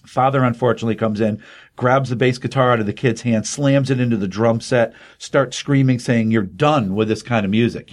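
A middle-aged man in his fifties hosting a casual chat, walking through a comic's plot with plenty of fillers. His voice is mid-pitched and ordinary, carried by animated storytelling. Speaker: podcast host. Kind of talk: casual comic-book recap.

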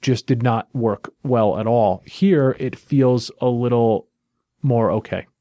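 Homem de voz suave em gravação seca. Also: male voice, mid-range voice, warm tone, dry recording. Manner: measured, offering opinions on the art. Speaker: comic book podcast co-host. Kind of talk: casual chat, reviewing comics.

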